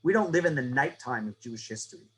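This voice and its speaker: A man teaching a lesson on the Passover Haggadah. He tells it as a story, keeps asking the listeners "right?", and moves between loud, emphatic lines and low, hushed ones. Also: animated, fast, rough recording.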